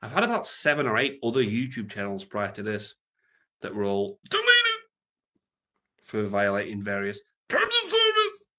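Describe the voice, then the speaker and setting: A British man rambles crudely and jokily through an unscripted livestream, reading out viewer comments and trailing off quietly. His lowish voice is creaky with wildly swooping pitch, at a moderate pace.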